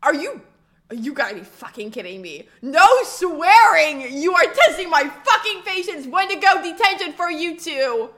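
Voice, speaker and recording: A woman voicing an exasperated, weary male teacher who swears and mutters in a low voice. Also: expressive, moderate pace, a bit bright.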